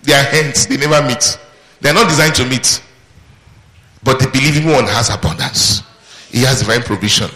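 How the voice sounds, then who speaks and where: Fervent shouting preacher man, echoey church. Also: mid-range voice, moderate pace, long pauses. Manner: fervent, repetitive declarations, bursts of shouting. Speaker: pastor. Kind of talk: sermon with declarations. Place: church service.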